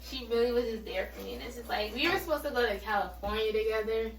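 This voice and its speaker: A woman's voice: a little high, quick pace, creaky, reverberant, distant mic, rough recording. A woman in her twenties telling a personal story in a candid, rambling way, with many fillers and restarts. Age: 20s. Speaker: vlogger.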